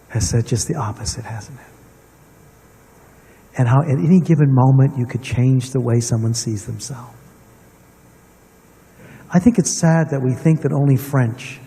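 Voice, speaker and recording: A man's voice: mid-range voice, gravelly, warm tone, breathy edge. Earnest man speaking in a reverberant hall. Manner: storytelling, personal and earnest, addressing the room. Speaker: symposium speaker. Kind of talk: reflective public talk to an audience. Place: large hall with long reverb. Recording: distant mic in a reverberant hall.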